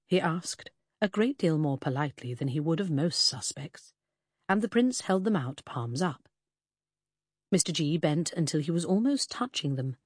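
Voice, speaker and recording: A reader narrating a period mystery audiobook in a measured, husky voice. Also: male voice, fairly high pitch, expressive, no echo, studio quality. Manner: measured storytelling. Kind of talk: scripted narration.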